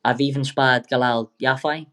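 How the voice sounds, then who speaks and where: A man's voice: medium pitch, steady tone, moderate pace, fairly bright tone. Sweary young man spinning stories. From England. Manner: rambling, sweary, jokey, keeps backtracking. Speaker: boxer guest. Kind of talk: casual storytelling interview.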